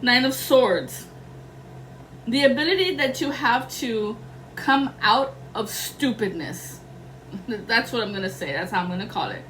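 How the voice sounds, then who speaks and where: A woman's voice: on the high side, lively intonation, a little slow, fairly bright tone, a little hiss or hum, low-quality recording. A young adult woman doing a casual tarot reading, rambling and slangy, swearing freely. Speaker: tarot reader.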